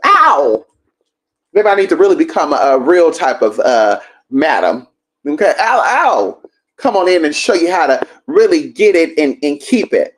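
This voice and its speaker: A woman hosting a livestream, telling a story in a sassy, profane, animated way. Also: deep voice, measured pace. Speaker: livestream host.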